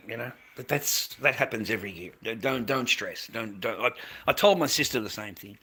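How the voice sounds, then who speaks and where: A man's voice: medium pitch, expressive, brisk, vocal fry, few pauses, pushed and bright, slightly rough. A middle-aged Australian man chatting casually on a livestream, rambling and repeating himself, calling viewers mate and swearing now and then. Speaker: livestreamer selling handmade masks.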